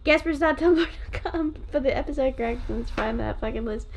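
A woman co-hosting a casual improv podcast, riffing quickly and swearing freely. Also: high voice, a little hiss or hum. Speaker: podcast co-host.

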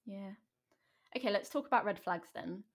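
A woman's voice: medium pitch, normal speed. A woman hosting a casual chat podcast, supportive and asking follow-up questions. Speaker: podcast host.

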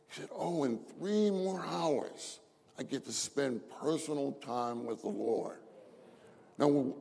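A man's voice: mid-range voice, warm tone. A man preaching a sermon, repeating key phrases for emphasis and reading scripture aloud. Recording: long hall reverb.

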